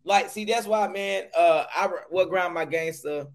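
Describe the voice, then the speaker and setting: A man's voice: sits high, normal speed. A man talking casually as a guest on a game show, rambling and cursing. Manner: rambling, profane, laughing, trails off.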